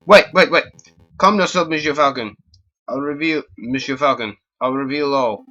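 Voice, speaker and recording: A man voicing a suave, theatrical male fox con artist with a smooth, grandly dramatic delivery, in a game. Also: mid-range voice, moderate pace, sharp tone, highs cut off, soft background music, lightly acted. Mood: flustered.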